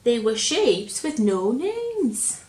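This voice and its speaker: A woman reading a picture book aloud to a child, slowly and gently, stopping to ask him questions. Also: fairly high pitch, big pitch swings. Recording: roomy echo, faint hum.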